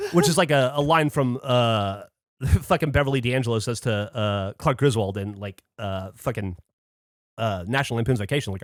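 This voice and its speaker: This male podcaster recounts a tale casually and with lots of energy, cursing frequently and voicing the quotes himself. He speaks briskly at a medium pitch, captured in clean studio quality without echo.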